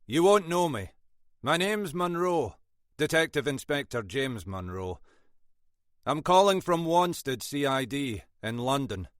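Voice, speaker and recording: A man reading an audiobook, voicing a shrewd older Scottish detective inspector in a dry, probing, quietly commanding manner. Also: mid-range voice, big pitch swings, a little slow, no room sound, voice pushed up. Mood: polite, coaxing.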